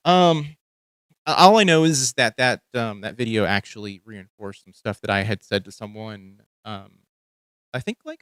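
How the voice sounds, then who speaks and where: A man's voice: fairly low pitch, a bit bright, dry recording. A young man from Texas with a light Texan accent, hosting a casual podcast and talking through news clips with many fillers and restarts. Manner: rambling, thinking aloud with many fillers. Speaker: podcast host.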